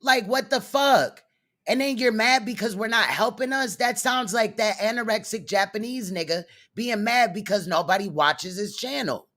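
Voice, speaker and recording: A woman's voice: on the high side, expressive, moderate pace, a bit bright. A woman commentator reacting to a clip, blunt and sarcastic, swearing freely.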